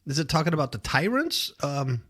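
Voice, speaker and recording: A man's voice: on the high side, a little fast. A man hosting a talk show, chatting casually and joking, often mocking people in put-on voices. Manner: animated, jokey, puts on mocking voices. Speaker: podcast host.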